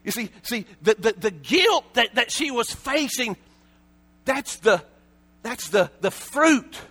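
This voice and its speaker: A man preaching a sermon with passion, often raising his voice to a shout and repeating words in quick bursts. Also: extremely high pitch, sing-song, husky.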